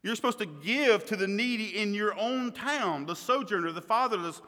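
A man preaching a sermon as pastor, emphatic, swinging between loud stresses and quiet asides. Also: high voice, expressive, moderate pace. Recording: long reverb of a hall.

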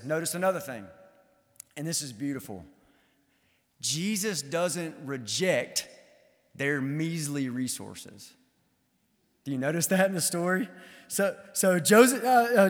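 A man's voice: a little high, long reverb tail. A man preaching a sermon, emphatic, repeating key phrases and asking rhetorical questions. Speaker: pastor.

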